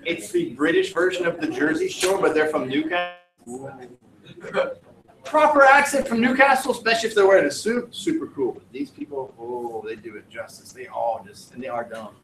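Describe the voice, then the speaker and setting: A man's voice: fairly high pitch, very animated, moderate pace, a bit bright. A man from the United States teaching a class, lecturing in a chatty, jokey, digressive way. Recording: roomy classroom audio from a distant mic.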